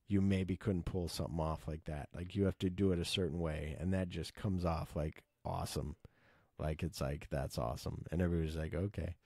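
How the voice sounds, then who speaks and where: A man casually retelling his favorite film scenes, excited and swearing, acting out the characters' lines. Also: low-pitched, no echo, clean studio sound. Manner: enthusiastic, swears, acts out quotes. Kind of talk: casual movie recap.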